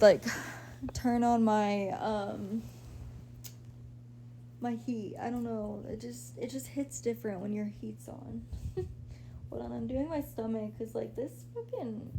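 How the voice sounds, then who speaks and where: A woman's voice: on the high side, darkish tone, a little hiss or hum. A young pregnant woman livestreaming from her apartment while lying down, chatting casually with viewers and saying "like" and "y'all" a lot. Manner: chatty, laid-back, says "like" and "y'all" a lot. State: pregnant, a little out of breath.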